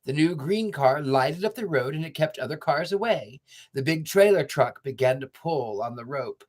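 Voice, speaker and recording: A man's voice: a little high, expressive, normal speed, darkish tone. An older man hosting a story-reading show, reading a children's book aloud and then chatting to viewers in sentimental, rambling asides. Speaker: storyteller host.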